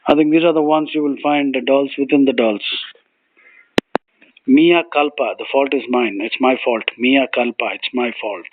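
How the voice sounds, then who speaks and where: A man's voice: medium pitch, slight background noise. Man spelling out foreign phrases, tinny. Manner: slow, deliberate, spells words letter by letter. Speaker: vocabulary teacher. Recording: tinny phone-like audio, dry.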